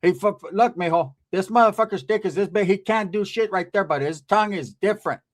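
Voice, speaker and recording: A man's voice: high voice, fairly quick, natural voice. A man voicing a fierce, foul-mouthed middle-aged aunt who bosses everyone around. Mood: brash. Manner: brash, bossy, profane.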